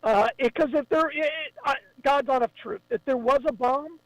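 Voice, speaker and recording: A man talking as a guest on a radio show, enthusiastic and quick to chime in. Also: very high voice, no echo, poor audio. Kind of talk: casual radio chat.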